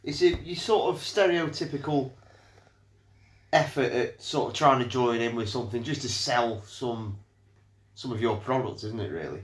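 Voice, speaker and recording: A man's voice: medium pitch, normal speed. A man co-hosting a beer podcast, chatting with dry, wry humour. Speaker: podcast co-host. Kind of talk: casual chat. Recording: roomy echo.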